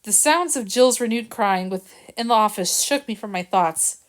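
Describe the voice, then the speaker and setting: A woman reading a children's novel aloud in a quiet, earnest way, stumbling over a word now and then. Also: mid-range voice, expressive, moderate pace. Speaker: reader.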